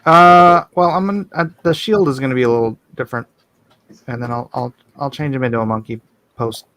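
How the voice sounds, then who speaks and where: A man's voice: medium pitch, brisk, a bit bright, dry recording. A man hosting a live art stream in casual chat, talking wryly while he draws. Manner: chatty, wry and distracted while drawing. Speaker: host drawing on a live stream.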